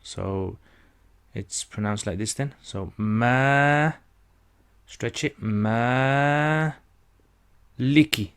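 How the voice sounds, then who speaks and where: Slow, patient male reading teacher. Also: lowish voice, gravelly, a bit bright, smooth. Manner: patient, repeats syllables and stretches vowels for learners. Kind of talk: slow step-by-step lesson.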